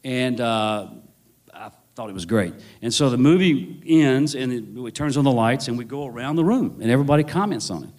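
A man's voice: mid-range voice, expressive, a little fast, darkish tone. A male novelist, telling a rambling, wry story full of restarts. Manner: rambling, self-correcting, wry. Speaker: novelist guest. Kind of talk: anecdotal storytelling.

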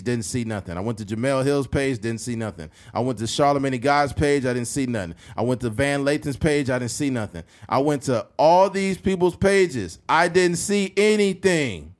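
A man co-hosting a casual podcast, talking bluntly and emphatically, sometimes reading news copy aloud haltingly and rising to heated points. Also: medium pitch. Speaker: podcast co-host.

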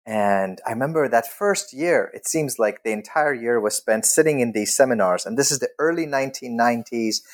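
Middle-aged man, relaxed anecdotal delivery, animated, leaps up in pitch to quote himself. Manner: animated, jumps high in pitch when quoting himself, laughs often. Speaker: scholar telling his story. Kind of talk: casual storytelling.

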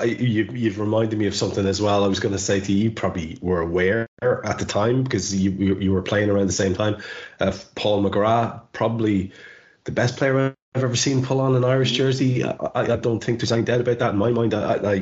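A man's voice: lowish voice, a little fast, a little mellow, lo-fi sound. A man hosting a podcast, making his points with passion and emphasis in casual chat. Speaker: podcast host.

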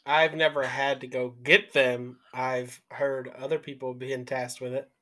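A man's voice: medium pitch, flat delivery, a little slow, sharp tone. A man co-hosting a podcast, answering briefly in a laid-back casual way. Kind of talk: casual chat.

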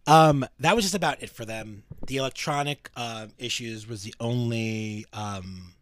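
A man's voice: mid-range voice, unhurried, no room sound. A man co-hosting a podcast, telling ghost stories in casual chat with lots of restarts and fillers. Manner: rambling, with frequent restarts and fillers. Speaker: podcast co-host.

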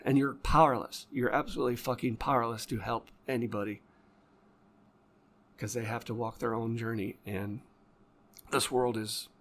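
A man's voice: mid-range voice, fairly even intonation, moderate pace, pauses often, a bit bright, a little hiss or hum. A man hosting a casual podcast conversation as an addiction counselor, swearing heavily as his passionate storytelling flares into angry rants. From lives in Florida.

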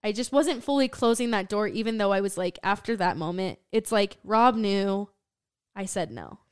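Young woman podcaster telling her story, clear smooth voice, dry close sound, lots of "like". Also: lively intonation, normal speed, dry recording. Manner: storytelling, many "like" fillers, often drops her voice low. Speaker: podcast co-host. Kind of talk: casual chat.

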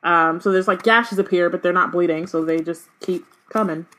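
A woman's voice: lowish voice, fairly even intonation, moderate pace, fairly bright tone, a little hiss or hum. Chatty woman reading aloud with asides. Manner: many fillers and "like", loose slangy asides. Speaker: podcast co-host reading and discussing a book. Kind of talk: casual chat mixed with reading aloud.

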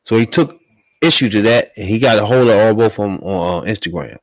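A man's voice: on the low side, fairly quick, dry recording. A man hosting, introducing a clip and reacting in disbelief with casual commentary. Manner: incredulous, laughing. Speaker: host.

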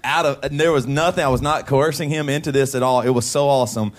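A man co-hosting a live podcast, telling a story in lively casual chat and laughing often. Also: medium pitch, quick pace. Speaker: podcast co-host. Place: live show.

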